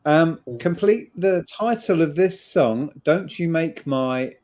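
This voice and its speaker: A man's voice: fairly high pitch, animated, takes it slowly, darkish tone. A man hosting a casual quiz in a live-stream chat, joking along as he reads out questions. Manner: jokey, puts on silly voices. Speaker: quizmaster.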